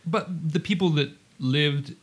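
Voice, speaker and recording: In a casual interview chat, a man hosting a podcast talks in a chatty, teasing way, leaning heavily on "like." His voice is a little high and slightly rough, and he speaks slowly.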